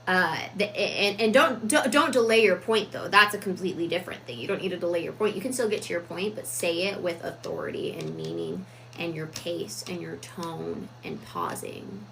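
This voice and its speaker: A woman giving a reflective, casual talk on personal growth, deliberate with frequent fillers. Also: lowish voice, expressive, gravelly, sharp tone, slight background noise, poor audio. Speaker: self-improvement vlogger.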